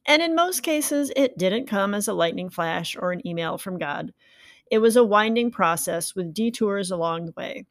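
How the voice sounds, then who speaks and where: Female podcast host, mid pitch, earnest reassuring read, dry close-mic sound. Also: animated, normal speed, no echo. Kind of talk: scripted podcast intro.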